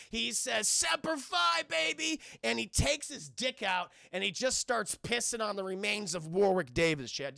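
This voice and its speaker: High gravelly man rambling to his chat. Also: bright, forceful tone, no echo, studio quality. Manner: rambling, profane, keeps addressing the chat. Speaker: film reviewer streaming live. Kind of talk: casual profane livestream movie recap.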